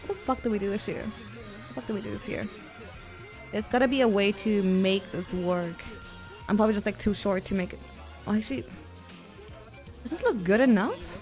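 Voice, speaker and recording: A young woman livestreaming a VR game in casual chatter, excitable and swearing, with frequent giggles and shrieks. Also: mid-range voice, moderate pace, pauses often, soft background music. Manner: giggly, jokey rambling. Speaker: streamer. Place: at home, playing in VR.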